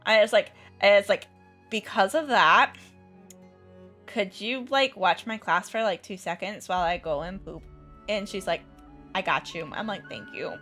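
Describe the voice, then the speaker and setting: A woman's voice: mid-range voice, a little slow, a bit bright, faint music behind. A young woman teacher chatting casually while she plays a game, rambling with many fillers and restarts and laughing often. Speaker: teacher and content creator. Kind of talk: casual storytelling chat while gaming.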